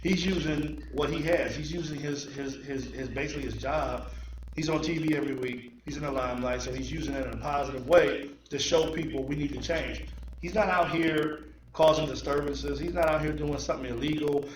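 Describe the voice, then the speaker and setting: A man's voice: on the high side, fairly even intonation, brisk, a little hiss or hum. A man hosting a podcast in casual chat, earnest and emphatic, building his argument point by point. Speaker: podcast host. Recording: echoey room.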